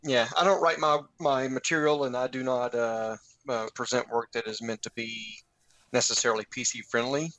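A man's voice: medium pitch, fairly even intonation, normal speed, fairly bright tone, no room sound, poor audio. A man who is a guest author on a show, chatting and telling stories with a laugh. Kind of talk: casual interview chat.

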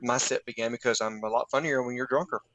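A man's voice: mid-range voice, steady tone, fast talker, fairly bright tone, no room sound, poor audio. Chatty male author guest, dry sound. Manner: chatty, laughing storyteller. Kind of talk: casual interview chat.

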